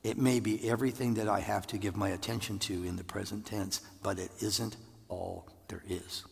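A man in his sixties preaching a conversational, animated sermon, his husky voice carrying in a church sanctuary. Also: normal speed. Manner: conversational, animated, with jumps into falsetto for acted voices. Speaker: pastor. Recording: long reverb of a large hall.

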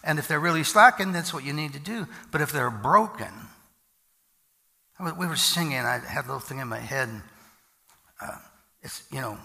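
Gravelly folksy preacher in a reverberant hall. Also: male voice, medium pitch. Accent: American. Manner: folksy, joking, rising to loud emphatic bursts. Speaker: pastor. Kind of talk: sermon.

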